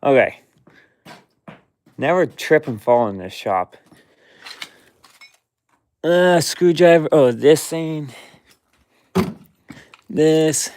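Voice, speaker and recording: A man's voice: on the high side, animated, darkish tone. A man rambling to himself in casual running commentary while cleaning out a cluttered workshop. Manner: slow, rambling, talks to himself and his dog. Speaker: vlogger cleaning his workshop.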